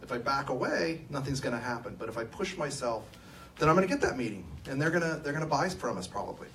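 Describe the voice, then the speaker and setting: A man's voice: mid-range voice, expressive, fast, a bit bright, a little hiss or hum. A middle-aged man from California, co-owner of an engineering firm, telling personal stories with self-deprecating humor in a conference talk. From Sacramento, California. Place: event room at a live talk. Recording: distant mic, faint room ambience.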